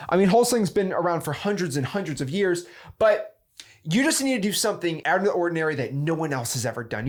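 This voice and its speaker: A man talking straight to camera about business in a casual motivational style, his pitch swinging widely as he makes his points. He plays devil's advocate, leans on fillers like "right?" and restarts his sentences mid-thought. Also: darkish tone. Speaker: host of a real estate investing channel.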